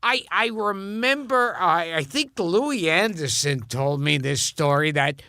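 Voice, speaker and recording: A man's voice: on the high side, expressive, a little slow, sharp tone, no room sound. A man telling comic show-business anecdotes in casual chat, stammering and restarting as he acts out quotes. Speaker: comedian guest.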